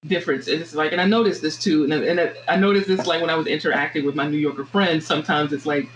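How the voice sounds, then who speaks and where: A woman with a Southern American accent, a podcast guest talking things through in a reflective, halting way with many restarts. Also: low voice, slight background noise, low-quality recording. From Southern United States. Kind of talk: casual podcast conversation.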